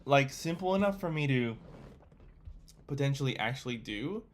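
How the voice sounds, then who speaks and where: A young man from Australia chatting casually while learning to code, rambling and quick to get excited. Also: medium pitch, slight background noise. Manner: rambling, excitable, swears when surprised. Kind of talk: casual chat.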